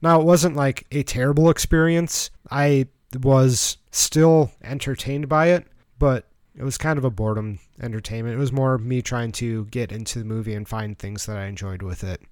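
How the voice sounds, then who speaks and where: A man's voice: mid-range voice, steady tone, moderate pace, few pauses, clean tone, dry recording. A man co-hosting a podcast, with a dry, sarcastic manner in casual chat. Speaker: podcast co-host.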